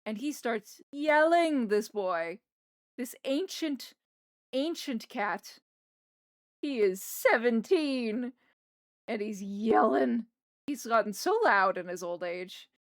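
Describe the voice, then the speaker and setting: A woman chatting on a livestream from her desk at home, wandering from one story to the next and stopping to talk to her pets. Her voice is smooth and clear, and she takes her time. The mic sits close in a dry room. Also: on the high side, expressive, slow pace, dry recording. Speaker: streamer. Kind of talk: casual livestream chat while drawing. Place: home desk in a wheeled chair.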